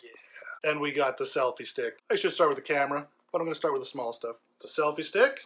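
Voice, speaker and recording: A man vlogging an unboxing, chatty and excited, describing gear as he handles it. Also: fast talker. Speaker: tech vlogger. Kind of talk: enthusiastic unboxing vlog. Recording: low-quality video audio.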